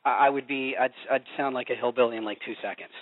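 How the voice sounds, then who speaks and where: A man's voice: medium pitch, fairly even intonation, quick pace. A middle-aged man from Oklahoma, a voice actor guest, talking in a rambling, laid-back way with many restarts. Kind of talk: casual interview. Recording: dry, tinny phone-line sound.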